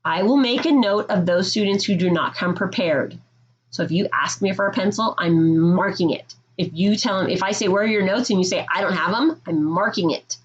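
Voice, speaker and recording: A woman's voice: fairly low pitch, lo-fi sound. A woman teaching middle school, explaining classroom rules to her students in a firm, direct way and checking in with "okay?".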